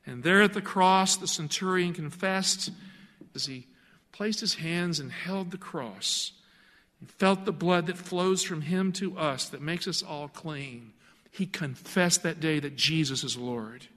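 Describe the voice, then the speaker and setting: A man's voice: on the high side, a little slow, fairly bright tone, long reverb tail. A man preaching a sermon in an earnest, emphatic way, asking the listener pointed questions.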